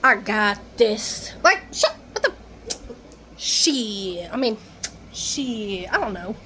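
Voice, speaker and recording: A woman's voice: mid-range voice, big pitch swings, slow, noisy background. A woman vlogging at home in a rambling, profane rant, laughing between her thoughts. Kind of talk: casual rant to camera. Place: at home, indoors.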